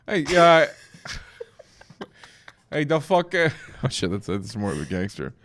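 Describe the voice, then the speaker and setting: A man's voice: mid-range voice, sing-song, unhurried, a bit bright, a little hiss or hum. A man from the American Midwest hosting a late-night comedy chat, teasing his guest, laughing often and swearing freely. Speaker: podcast host.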